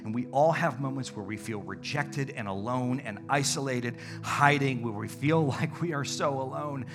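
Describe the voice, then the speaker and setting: A man preaching a sermon as pastor, dynamic, swinging between loud calls and hushed, intimate tones. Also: medium pitch, normal speed, music in the background.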